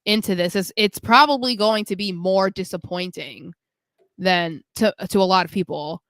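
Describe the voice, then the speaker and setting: A woman's voice: medium pitch, normal speed, fairly bright tone, dry recording. A woman co-hosting a podcast, chatting casually and rambling with lots of "like". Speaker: podcast co-host. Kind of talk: casual chat.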